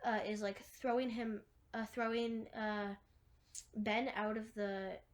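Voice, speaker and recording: A woman's voice: mid-range voice, little pitch movement, takes it slowly. A woman retelling a film scene by scene in a rambling, casual way, full of "like" and restarts. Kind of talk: casual movie recap.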